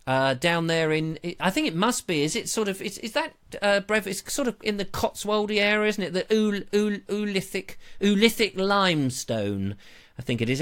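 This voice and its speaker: A middle-aged man from England chats casually as host of his live online show. His voice sits a little higher than most men's. He rambles, jokes and mocks himself as he reads the chat. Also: a bit bright, smooth. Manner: rambling, jokey, self-mocking, slips into silly voices.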